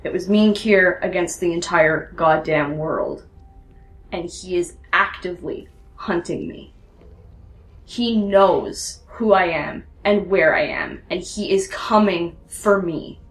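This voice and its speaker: A woman voicing a hurt, fierce young woman rebel pilot in a tabletop role-play, earnest and pleading, with deliberate pauses, recorded in a roomy space. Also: on the low side, expressive. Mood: anguished. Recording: roomy echo.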